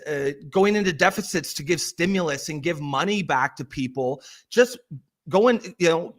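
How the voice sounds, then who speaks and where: A man co-hosting a political podcast, his voice a touch high. He rambles, swears, and trips over restarts as he builds his case. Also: a bit bright. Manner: rambling, stammering restarts, profane. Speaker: podcast co-host. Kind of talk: casual political chat.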